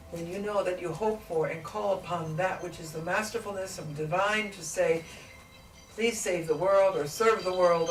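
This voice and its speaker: A woman in trance channeling a gentle, patient ancient male spiritual teacher, speaking slowly and deliberately with many rhetorical questions. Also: on the low side. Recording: echoey room, distant mic, faint noise.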